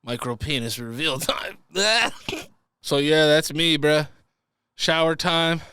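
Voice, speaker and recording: A man's voice: on the high side, takes it slowly, bright, forceful tone, smooth, no echo, studio quality. A young man hosting a podcast, reading out listener stories and joking crudely about them in a casual, profane way. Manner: crude, joking, swears freely. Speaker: podcast host. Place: podcast studio.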